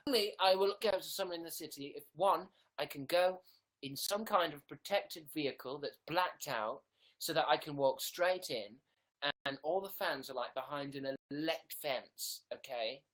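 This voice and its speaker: A man's voice: fairly high pitch, moderate pace, fairly bright tone. A young British man chatting sarcastically on a livestream from his bedroom, playing a mock diva. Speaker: livestream host. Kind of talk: casual livestream chat.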